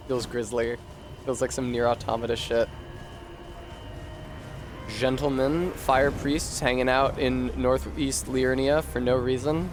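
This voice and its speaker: A man's voice: mid-range voice, steady tone, measured pace, pauses often, noisy background. A man streaming a video game, chatting casually with viewers in a rambling, profane way. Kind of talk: casual chat while gaming.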